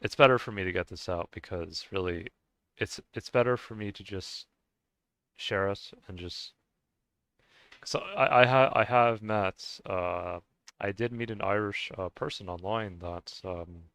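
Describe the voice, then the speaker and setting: A man's voice: fairly low pitch, measured pace, fairly bright tone, no echo. A man ranting casually to his viewers in a rambling way, with many restarts and fillers and frequent swearing. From United States. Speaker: vlogger. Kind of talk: casual rant to camera.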